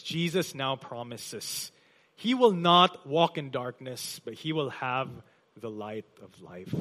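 A man pastor preaching a sermon in a church, with emphatic delivery that swells loud on key phrases and drops soft. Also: mid-range voice. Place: church hall.

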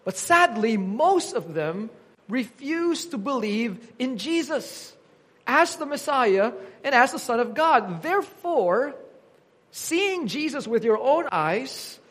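A man preaching an earnest teaching sermon, quoting scripture with emphasis. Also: extremely high pitch.

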